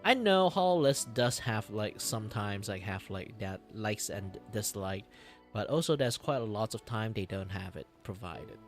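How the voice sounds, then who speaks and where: A man streaming while he draws, talking in a rambling, animated way, swearing, laughing and breaking into loud outbursts. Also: fairly low pitch, normal speed, soft background music. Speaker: streamer and artist. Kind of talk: casual live-stream chat while drawing.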